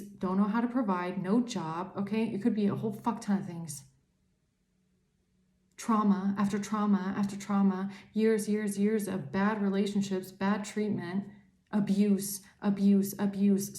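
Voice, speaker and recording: A woman's voice: medium pitch, warm tone, roomy sound. Swearing, ranting woman tarot reader. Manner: angry ranting, heavy swearing. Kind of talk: tarot reading to camera.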